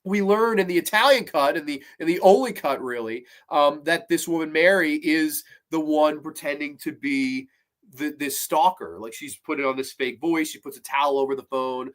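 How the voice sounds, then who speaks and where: A man's voice: fairly high pitch, normal speed. A man giving a casual, rambling, enthusiastic horror film review with some swearing.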